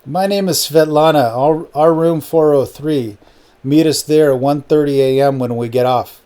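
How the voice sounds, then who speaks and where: A flirtatious Russian dancer with a Russian accent who coaxes and invites, played by a male audiobook narrator. The voice is mellow and soft, with a slow, sultry pull. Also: fairly high pitch, clean tone, close to an everyday voice. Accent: Russian (put on). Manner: sultry, coaxing. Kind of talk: audiobook character reading.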